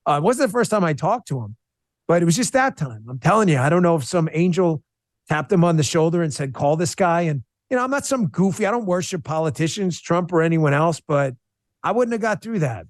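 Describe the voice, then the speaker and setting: A man with a fairly high voice speaks as an interview guest, recorded dry and close. He tells his story with feeling, breaking off and restarting his sentences. He turns blunt and combative when he argues. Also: a little fast, no room sound. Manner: emotional, animated storytelling with restarts. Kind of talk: podcast interview.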